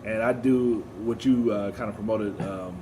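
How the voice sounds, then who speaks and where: In a casual podcast chat, this young co-host stays relaxed, laughs a lot and performs quotes in character. He speaks at a normal speed in a lowish voice with fairly even intonation, and background noise is audible.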